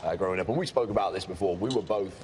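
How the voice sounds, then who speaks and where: A man hosting a casual chat, steering the talk with quick, dry asides. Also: sits low, noisy background.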